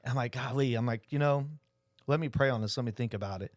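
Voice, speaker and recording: A middle-aged man, a podcast guest who tells stories in a lively way and acts out the dialogue. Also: medium pitch, quick pace, dry recording, clean studio sound. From Oklahoma. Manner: animated storyteller acting out quoted dialogue. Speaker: insurance agency owner, guest. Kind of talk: casual storytelling interview.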